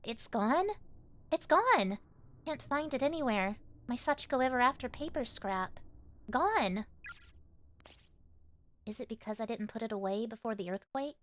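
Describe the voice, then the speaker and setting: A woman voicing a frightened, anxious teenage schoolgirl in a game, speaking in a soft, hushed, shaky way. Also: on the high side, expressive, moderate pace, pauses often, a little hiss or hum, close to an everyday voice. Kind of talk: reading game dialogue aloud.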